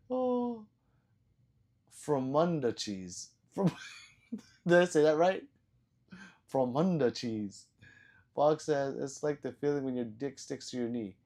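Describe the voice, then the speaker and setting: A man's voice: on the high side, unhurried, darkish tone. A man hosting a casual live stream, reading viewer comments aloud, laughing often and swearing casually. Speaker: livestream host reading chat.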